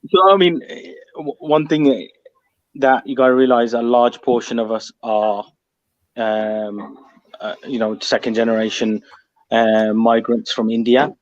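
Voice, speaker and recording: A man's voice: medium pitch, steady tone, measured pace, no echo. A man from Birmingham with a Birmingham accent, a guest chatting casually and laughing often. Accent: Birmingham English. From Birmingham, England. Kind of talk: casual chat. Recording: dry, dull lo-fi sound.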